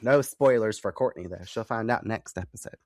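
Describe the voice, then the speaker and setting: A man's voice: fairly low pitch, brisk, no room sound, clean studio sound. Giggly young man co-hosting a podcast. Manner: giggly, animated, swears casually. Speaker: podcast co-host. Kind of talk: casual podcast chat.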